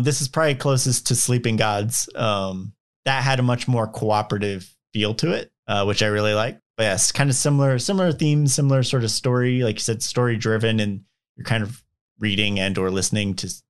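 A man's voice: on the low side, fairly even intonation, fairly quick, clean tone. A man co-hosting a podcast in casual chat, talking hesitantly with frequent restarts. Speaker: podcast co-host.

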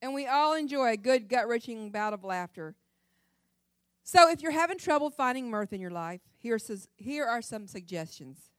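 A middle-aged woman giving a humorous devotional talk at a church women's session, animated and laughing often. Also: a little high, normal speed, dry recording, clean studio sound.

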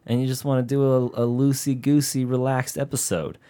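A man's voice: mid-range voice, level tone, brisk, warm tone. A man hosting a podcast in casual chat, joking and laughing and swearing freely. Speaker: podcast host. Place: hot indoor room.

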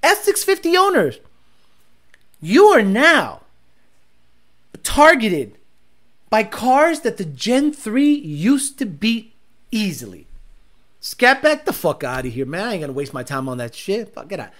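A man hosting a live stream, talking in loose, rambling banter full of swearing. His pitch swings widely from line to line, and he shifts quickly from one aside to the next. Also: wildly swooping pitch, fairly bright tone. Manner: crude, rambling, profane banter. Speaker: livestream host. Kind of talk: casual live-stream chat.

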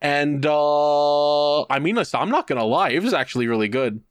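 A man co-hosting a podcast, telling a long story in casual chat. He is animated and profane, and he slips into put-on voices to act out quotes. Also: a little high, normal speed, clean tone, no echo, studio quality. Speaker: podcast co-host.

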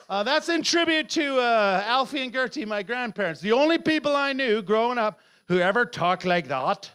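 A man's voice: extremely high pitch, expressive, normal speed, hardly any pauses, fairly bright tone. A man doing surreal stand-up comedy and chatting about his set, absurd and sweary. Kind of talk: surreal stand-up with interview chat.

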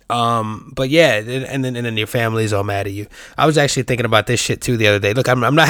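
A man's voice: medium pitch, no echo, studio quality. A man hosting his own podcast, rambling through a profane, tangent-filled casual monologue. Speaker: podcast host.

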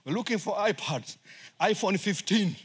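Casting note: man, English not his first language, fiery guest preacher, high and swooping delivery. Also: normal speed, slight background noise. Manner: animated, acts out voices and laughs often. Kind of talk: sermon.

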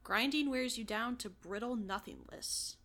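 Woman co-host, slightly high voice, soft casual chat. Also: a little slow, gravelly. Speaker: podcast co-host.

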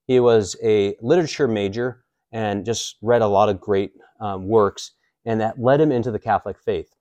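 A man's voice: fairly low pitch, moderate pace, warm tone, no room sound, muffled recording. A man in his forties, a priest, teaching a catechism class in a casual, joking way with many fillers. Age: 40s.

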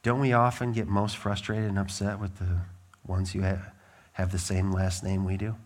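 A middle-aged man preaching a sermon as pastor, swinging from loud emphatic declarations to quiet conversational asides. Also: low voice, flat delivery, normal speed.

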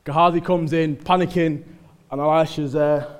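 A male preacher with a Mancunian accent, giving a conversational sermon that builds to loud exhortation in church. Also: on the high side, fairly even intonation, normal speed, clear, resonant tone.

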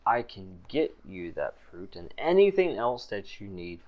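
A man doing a sly, smooth-talking merchant. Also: lowish voice, very animated, measured pace, highs cut off. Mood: slick.

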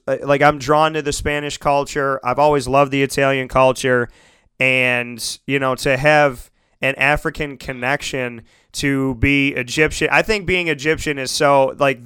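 A man's voice: medium pitch, a little slow, clear, resonant tone, dry recording. A man hosting a radio talk show, telling a long personal story in a casual, rambling way with many restarts. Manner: animated, rambling, lots of restarts and fillers.

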